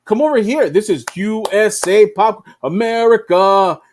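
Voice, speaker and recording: A man's voice: high voice, a little slow, slight background noise, pitched above the performer's own voice. A man voicing a brash, boastful, profane playground bully boy in a raised voice. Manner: loud, swaggering, profane.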